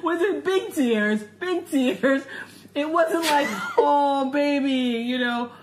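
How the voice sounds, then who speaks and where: A woman's voice: high voice, expressive, slow pace. A woman in casual banter with a co-host, laughing often while telling stories animatedly. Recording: roomy echo, faint ambient noise.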